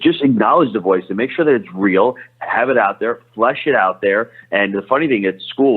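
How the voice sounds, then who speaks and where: A man's voice: sits low, slightly rough. A man answering interview questions as a podcast guest, talking energetically with frequent restarts. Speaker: podcast guest, real estate investor. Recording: tinny phone line.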